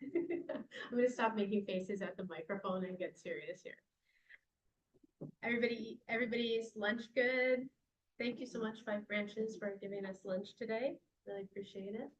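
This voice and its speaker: Relaxed woman giving a lecture. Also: fairly high pitch, a little slow, long pauses, highs cut off. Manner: relaxed, thinking aloud, checks in with listeners. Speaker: guest lecturer. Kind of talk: lecture with audience questions.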